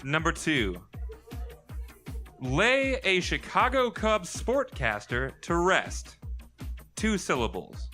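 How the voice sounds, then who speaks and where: A man hosting a live pub quiz reads out his clues slowly and repeats each one. His voice is bright and rises and falls a lot. Soft music plays behind him. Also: on the high side, sing-song. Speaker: quiz host. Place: pub stage with live audience.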